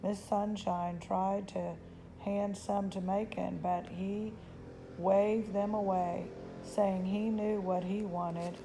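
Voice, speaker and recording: A woman reading a children's novel aloud in a gentle, unhurried storytelling voice. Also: mid-range voice, little pitch movement, creaky, music in the background, poor audio. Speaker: storybook reader.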